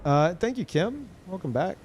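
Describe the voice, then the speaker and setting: A man's voice: sits high, very animated, normal speed, darkish tone, a little hiss or hum. Rambling, foul-mouthed male streamer. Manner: rambling, swearing, restarts sentences often. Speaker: livestreamer. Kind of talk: casual chat to a live audience.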